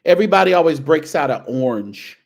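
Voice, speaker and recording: A man's voice: on the high side, animated, a little fast, gravelly. A male show host giving casual, teasing commentary on outfits, sprinkling in churchy phrases. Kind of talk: casual fashion commentary on a video.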